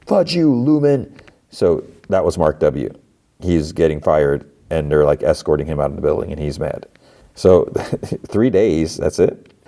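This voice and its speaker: A man's voice: rumbling low, steady tone, unhurried, dark tone. A man hosting a podcast, casually retelling TV episodes in a rambling way, full of fillers. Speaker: podcast host.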